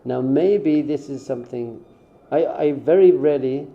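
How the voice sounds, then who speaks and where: With a medium-pitched voice at a moderate pace, a man who serves as a rabbi offers an informal spiritual talk in a conversational tone, performing short quoted back-and-forths. The sound quality is dull and muffled.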